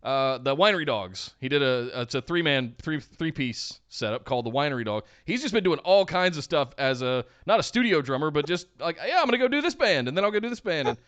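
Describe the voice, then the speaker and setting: A man's voice: fairly high pitch, very animated, brisk, few pauses, a bit bright, dry recording. A man co-hosting a casual wrestling podcast, rambling and good-humored. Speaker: podcast co-host. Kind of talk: casual wrestling recap chat.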